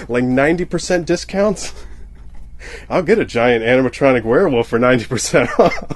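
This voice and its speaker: A man's voice: a little high, wildly swooping pitch, normal speed, breathy edge. A young man rambling through a comedic monologue, often cutting himself off and laughing at his own jokes. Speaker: comedian podcaster.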